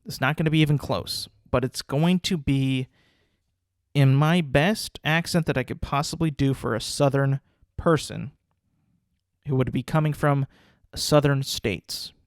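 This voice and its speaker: A man's voice: medium pitch, a little slow, dry recording, studio quality. A young man hosting a podcast, ranting casually about sports, rambling and repeating words as he restarts sentences. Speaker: podcast host.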